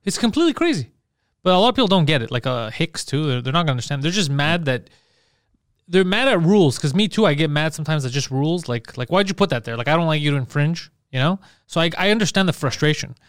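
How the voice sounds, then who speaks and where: Fast-talking man, crisp dry podcast voice. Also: fairly high pitch, very animated, no echo. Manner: fast, profane storytelling with laughs. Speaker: podcast co-host. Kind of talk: casual comedic podcast chat.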